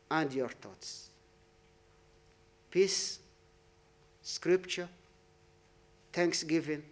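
Guy preaching in church, kinda high voice, takes it slow, hammers phrases then fades out quiet at the end. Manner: emphatic, repeating phrases, trailing off softly at line ends. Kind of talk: sermon.

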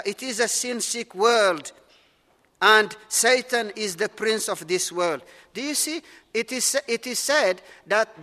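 A man preaches with earnest, repetitive emphasis, building his points phrase by phrase. His voice sits high and rings bright. The sound carries a long, lingering hall reverb. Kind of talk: sermon.

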